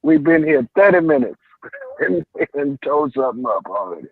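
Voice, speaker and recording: A man calling in to a morning radio talk show, chatting in an animated way, laughing often and crying out to the Lord. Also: fairly high pitch, moderate pace, vocal fry, no echo. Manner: animated, laughing, preacherly exclamations. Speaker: caller. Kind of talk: casual call-in talk. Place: warehouse. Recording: phone line.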